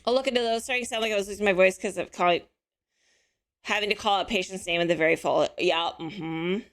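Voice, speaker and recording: A woman hosting a casual live stream, chatting with viewers and answering their messages, her voice a little hoarse. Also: medium pitch, fast talker, a bit bright. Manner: chatty, friendly, answers chat messages aloud. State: slightly hoarse.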